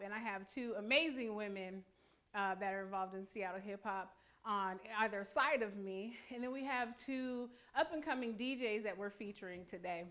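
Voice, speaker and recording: A woman hosting a live music talk stream, speaking casually with frequent fillers. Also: fairly high pitch. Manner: relaxed, friendly, hesitant fillers. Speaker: host.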